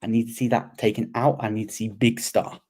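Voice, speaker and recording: A man co-hosting a casual sports chat, talking in an animated, rambling way and often repeating himself. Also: lowish voice, brisk, breathy edge. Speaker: podcast co-host.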